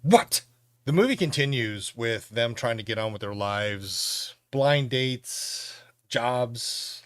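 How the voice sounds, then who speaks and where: Animated man recapping a film. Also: medium pitch, no echo, studio quality. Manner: animated, laughing storyteller. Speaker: podcast host reviewing a film. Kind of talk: casual plot recap.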